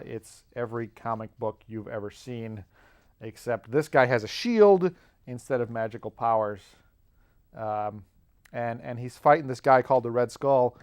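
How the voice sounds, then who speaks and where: A man telling rambling, jokey stories in a casual monologue, often cutting himself off mid-sentence. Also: mid-range voice. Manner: rambling, self-interrupting, jokey. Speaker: show host.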